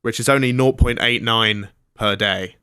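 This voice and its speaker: A man's voice: lowish voice, moderate pace, bright, forceful tone, clear, resonant tone, dry recording, studio quality. A man co-hosting a comedy podcast, telling stories in a jokey way and acting out the people in them. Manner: jokey storytelling, acts out quoted voices. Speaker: podcast co-host. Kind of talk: comedic casual chat.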